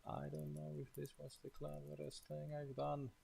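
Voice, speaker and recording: A man's voice: a little high, monotone, moderate pace, vocal fry, mellow, slight background noise, rough recording. A man thinking aloud while live coding, muttering to himself in casual, half-finished and mildly profane remarks. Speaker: programmer leading a coding session.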